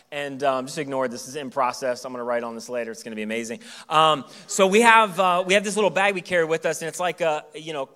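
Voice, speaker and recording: Preaching a sermon in church, a pastor in his thirties tells stories casually and with plenty of jokes. For a man his voice is high, and it comes across bright and forceful.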